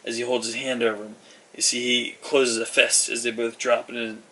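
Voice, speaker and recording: A man's voice: mid-range voice, little pitch movement, normal speed, sharp tone, slightly rough, far from the mic, rough recording. A man narrating as game master, loose and rambling, with many fillers.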